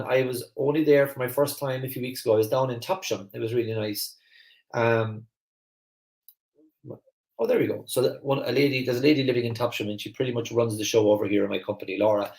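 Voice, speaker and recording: An energetic Irish man with a Kerry accent, hosting a live stream and talking quickly with plenty of restarts. His voice sits at an ordinary middle pitch. The room around him gives the sound a noticeable echo. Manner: fast, energetic, chatty, many fillers and restarts. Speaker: host of a live online masterclass. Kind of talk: live-stream talk to viewers, reading the chat.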